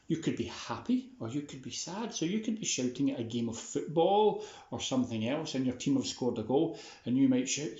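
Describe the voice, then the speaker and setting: A man gives a relaxed, chatty lesson, upbeat and a little playful. His voice sits at a middle pitch. The sound is roomy and slightly dull, as if recorded on modest gear in an echoing room. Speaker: teacher. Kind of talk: casual classroom video lesson.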